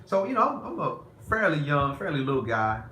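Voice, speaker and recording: A man speaks candidly to his viewers, rambling through a personal story with a bright, forceful edge to his voice. The recording is roomy and echoey, with faint noise underneath. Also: a little high, very animated, a little fast. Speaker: vlogger.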